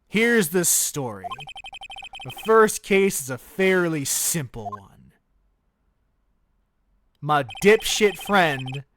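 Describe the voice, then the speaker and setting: A man's voice: fairly high pitch, a bit bright, slight background noise. A man streaming a video game, joking crudely and reading it aloud in his own voice. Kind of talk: casual let's play commentary.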